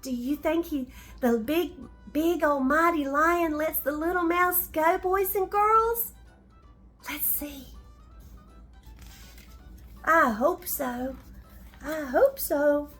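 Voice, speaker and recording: Older woman reading a slow bedtime story. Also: sits high, soft background music. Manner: gentle, talks directly to the children with questions.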